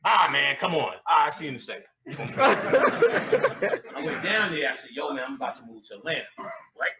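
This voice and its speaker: A man telling crude comic stories to a live audience, cursing freely and laughing and shouting at his own punchlines. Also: on the high side, wildly swooping pitch, moderate pace, heavy background noise. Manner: heavy profanity and slang. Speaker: comedic storyteller. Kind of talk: live stand-up style storytelling. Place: lecture room with an audience. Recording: echoey room, distant lo-fi mic.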